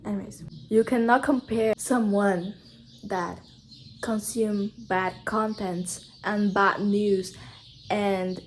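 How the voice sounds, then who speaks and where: Brazilian-accented woman vlogger, mid-pitched, earnest self-help pep talk, repeats her points simply. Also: fairly even intonation, slow, slight background noise. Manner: earnest, repetitive, simple phrasing. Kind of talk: casual motivational chat.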